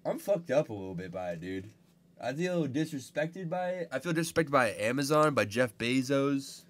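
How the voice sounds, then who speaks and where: A man co-hosting a podcast in crude comedic banter, loud, profane and jokey. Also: mid-range voice, big pitch swings, moderate pace. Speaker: podcast co-host.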